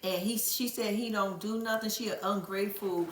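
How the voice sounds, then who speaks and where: A woman's voice: mid-range voice, moderate pace, roomy sound. A woman recapping a reality show in casual, profane, dramatic commentary, addressing her viewers directly. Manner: animated, profane, dramatic storyteller who laughs often and addresses viewers as "y'all".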